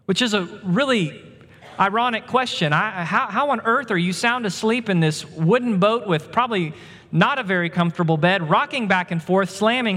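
Man, pastor, sermon, expository, high voice, long echo. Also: normal speed, bright, forceful tone. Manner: expository preaching, retelling scripture with vivid scene-setting.

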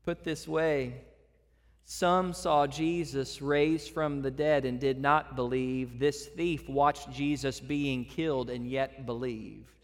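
A man preaching a sermon as a pastor to his church, swinging between loud emphatic passages and soft hushed ones. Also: mid-range voice, steady tone, slow pace, big-room sound.

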